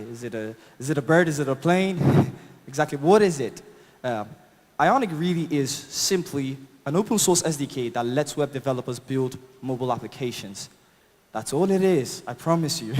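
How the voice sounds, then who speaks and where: A man with a non-native English accent and a medium-pitched voice gives a chatty, upbeat live tech talk with a demo, laughing at his own jokes and leaning on plenty of fillers. He speaks as a conference speaker in a large conference hall, and the recording carries the hall's long reverb.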